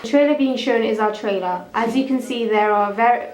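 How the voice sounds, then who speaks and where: A woman's voice: on the high side, fairly quick, darkish tone, echoey room, slight background noise, low-quality recording. A young woman reading a school media evaluation, often stumbling and restarting her lines. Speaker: student presenter.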